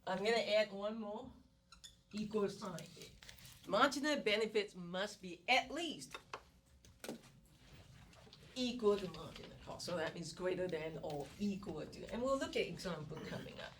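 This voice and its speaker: A woman instructor giving an economics lecture in a classroom, animated and repeating key words as she coaxes her students. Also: medium pitch, moderate pace, long pauses. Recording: distant classroom recording with background noise.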